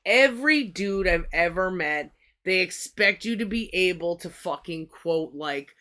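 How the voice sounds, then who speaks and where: Speaking at a measured pace, this livestream host has a fairly low, expressive voice with a pushed, bright quality. She rambles casually, curses a lot, and often starts her sentences over.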